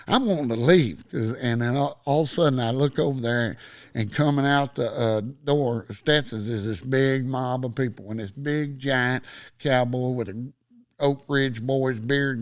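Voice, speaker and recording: A man's voice: medium pitch, no room sound. A middle-aged man with a Texan accent, a podcast guest telling a long story in casual chat and acting out every quoted line.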